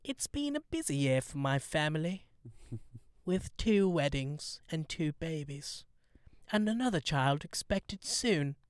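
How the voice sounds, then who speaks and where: A man doing a stiff, slow impression of an elderly queen giving a formal holiday address. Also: a little high, sing-song, clean tone, no room sound, clean studio sound. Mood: stately.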